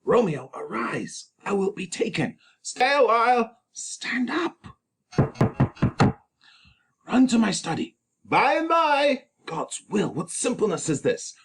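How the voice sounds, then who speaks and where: Man playing an impatient older friar, urgent, calling out, high-pitched, lively. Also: unhurried, vocal fry, slight background noise, exaggerated voice. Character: exasperated older male friar.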